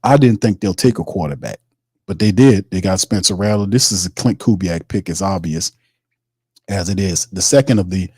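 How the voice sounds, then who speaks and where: Hosting a live sports stream, this man reads viewer comments aloud and responds in relaxed, slang-filled chat. He has a low, warm, slightly rough voice with lively intonation and speaks at normal speed, recorded in studio quality without echo.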